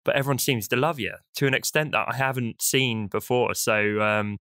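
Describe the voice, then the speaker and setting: Bright-voiced British podcast host. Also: male voice, mid-range voice, moderate pace, clean tone, dry recording, clean studio sound. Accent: British English. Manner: playful, teasing, enthusiastic. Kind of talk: upbeat podcast chat with jokes.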